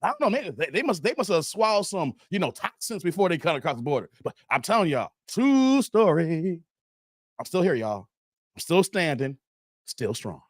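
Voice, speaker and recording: A man with a notably high speaking voice hosts a casual livestream and tells his story in an animated way, acting out the voices of people in it. He talks straight to his chat. The sound is close and dry, with no room echo. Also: moderate pace. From Chicago, USA. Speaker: livestream host.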